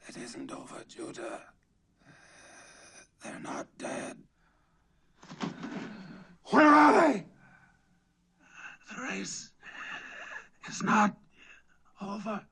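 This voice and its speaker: Dying roman man, creaky raspy gasps, super slow and sing-songy, distant old film sound. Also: high-pitched, very animated, sharp tone, heavily acted. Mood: spiteful, gasping. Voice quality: gasping, raspy, strained. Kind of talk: 1950s film drama acting.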